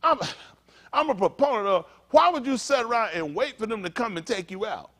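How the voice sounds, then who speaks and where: A male pastor delivers a blunt, profane sermon, constantly asking the congregation questions. His voice sits high and leaps up and down. He breaks the preaching with crude joking asides. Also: expressive, a little fast, fairly bright tone. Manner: rhetorical, repeated questions to the congregation. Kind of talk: fiery street-talk sermon.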